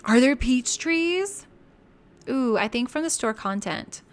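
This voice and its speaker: A woman's voice: high-pitched, animated, takes it slowly. A woman game streamer chatting casually and giggling with her viewers while she builds in a game.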